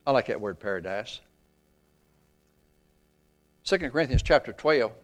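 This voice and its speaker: A man preaching a sermon, reading scripture aloud, rising loud and slow for emphasis, then falling very low and soft. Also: lively intonation. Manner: reads scripture in old-fashioned phrasing.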